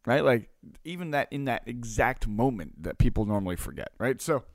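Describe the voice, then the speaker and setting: A man casually telling a story to his audience in a lively way, acting out both sides of a conversation and tagging his lines with "right?". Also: medium pitch, brisk, dry recording, clean studio sound. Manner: animated, acts out dialogue, constant "right?" tags. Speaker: coach and online marketer.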